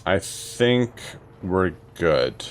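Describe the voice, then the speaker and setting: A man giving relaxed, joking commentary while playing a video game. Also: low voice, extremely slow. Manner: relaxed, joking asides, mumbled. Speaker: gaming channel host. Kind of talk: casual gameplay commentary. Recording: commentary over faint game music.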